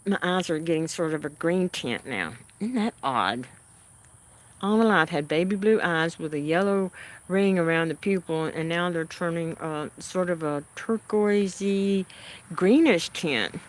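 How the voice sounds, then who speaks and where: A woman's voice: lowish voice, lively intonation. A woman hosting a livestream, chatting casually with her viewers and answering their comments in a homey way. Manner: unhurried and homey, answering chat comments with frequent soft laughs. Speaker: livestream host.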